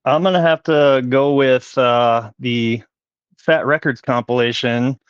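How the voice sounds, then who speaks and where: Wry, relaxed American man in a basement. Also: medium pitch, unhurried, clear, resonant tone, no room sound, highs cut off. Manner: relaxed, wry, hesitant with fillers. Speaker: regular podcast guest. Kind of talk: casual chat. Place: unfinished basement at home. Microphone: headphones and mic on a video call.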